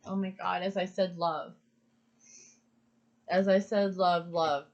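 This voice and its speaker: A woman's voice: fairly low pitch, steady tone, takes it slowly, dull audio. A woman giving an earnest, emphatic pick-a-card reading, repeating phrases for stress. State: emotional. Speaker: tarot card reader.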